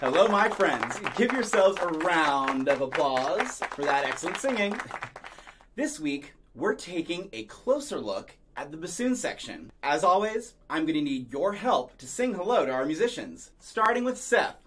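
A man hosting a children's music program, leading call-and-response sing-along songs and talking slowly and clearly to young kids. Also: a little high, sing-song. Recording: loud music under the voice. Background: guitar music.

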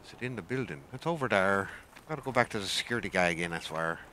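A man's voice: low-pitched, expressive, fast talker, bright, forceful tone, a little hiss or hum. A man chatting through his gameplay in a playful pirate manner, tossing in "arr" and "I swear". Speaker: gaming streamer. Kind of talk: casual gameplay commentary.

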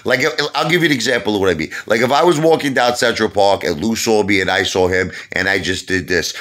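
Brash lively man ranting to camera. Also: fairly low pitch, normal speed. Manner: emphatic and repetitive, keeps saying "listen to me" and "okay?". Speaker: vlogger. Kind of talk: comedic trash-talk rant to camera.

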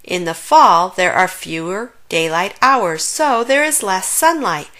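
A woman voicing a gentle mother bear who patiently explains things to her cub in a storybook. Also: mid-range voice, lively intonation, measured pace. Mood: explaining.

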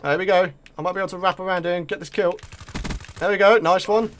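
A man with a British accent commentating live on his own gameplay, excitable and taunting his opponents. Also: high-pitched, fast, a little hiss or hum. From Britain. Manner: excitable, talks to opponents and viewers. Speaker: gaming video creator.

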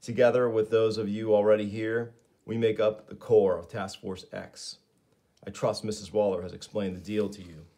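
A man's voice: lowish voice, little pitch movement, normal speed, mellow, lightly acted. Man reading a confident soldier leader. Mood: dry.

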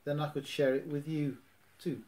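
A man voicing a gentle, mild, soft-spoken teddy bear in a storybook reading. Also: fairly high pitch, steady tone, normal speed, close to an everyday voice.

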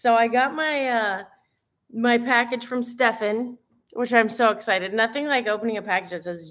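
A woman's voice: on the high side, fairly bright tone. A woman fitness coach chatting live with her viewers, bubbly and giggly, gushing often. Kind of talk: live stream chat with viewers.

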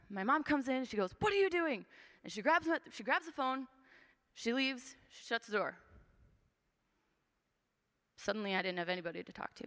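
A woman in her twenties, her voice a little high and a bit bright, speaks earnestly to the congregation while giving her testimony. She keeps it conversational and leans on fillers, and the sanctuary's long reverb hangs over everything.

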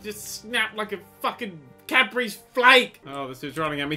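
A young man narrates his gameplay in a high, very bright voice, jumping between quick muttered plans and sudden sweary yelps. Faint game music plays beneath his commentary. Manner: excitable, sweary, yelps and shouts when hit. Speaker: gaming YouTuber. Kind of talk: comedic let's play commentary.

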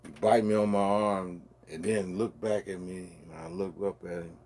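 A man telling a long, casual story as a show host, with a loose, drawn-out delivery full of restarts and asides to the listener. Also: deep voice, steady tone, darkish tone, a little hiss or hum. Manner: loose and conversational, peppered with "man" and "you dig".

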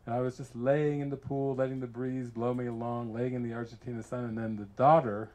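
A man's voice: mid-range voice, fairly quick. Laughing American man telling retreat stories. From United States. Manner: animated storyteller who laughs often and acts out quotes. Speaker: spiritual teacher. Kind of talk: informal retreat talk with personal stories.

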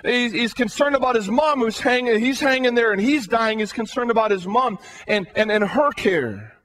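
A man with a notably high voice preaches a sermon. He talks earnestly and keeps turning to his listeners with rhetorical questions. He often repeats words as he works toward his next point. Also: lively intonation, normal speed, fairly bright tone. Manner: often repeats words while building up a thought.

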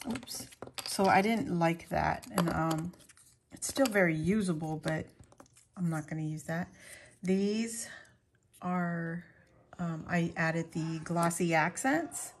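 Woman, crafting vlogger, casual chat to viewers, unhurried, slightly low voice, laughs easily. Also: noisy background. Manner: chatty, laughs often, talks to viewers while showing her work.

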